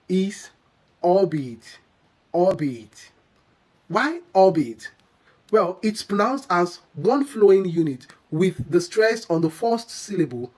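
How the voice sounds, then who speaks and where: Husky slow-talking teacher reading out a pronunciation lesson, careful, repeats each word. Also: mid-range voice, low-quality recording. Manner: careful, deliberate explanations with repeated model words. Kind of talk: scripted lesson narration.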